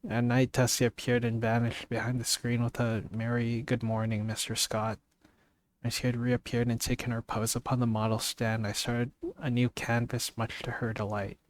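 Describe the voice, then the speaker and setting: A man's voice: mid-range voice, monotone, normal speed, hardly any pauses. A man streaming a casual read-aloud of a story, reading steadily with restarts and brief asides.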